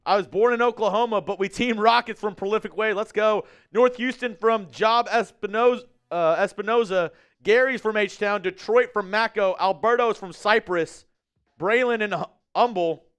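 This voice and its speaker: A man from Texas hosting a live stream, chatting casually with viewers and calling the game play by play, shouting on big plays. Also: high-pitched, normal speed, smooth. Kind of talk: casual live-stream watch-along commentary. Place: studio at company headquarters.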